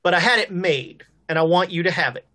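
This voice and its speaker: A woman's voice: lowish voice, fairly bright tone. A woman playing a shrewd male town founder. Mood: wry. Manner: slow, measured, diplomatic.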